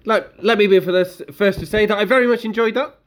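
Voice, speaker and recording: This podcast co-host has a high-pitched voice and talks fast. His casual chat rambles along, packed with fillers and restarts.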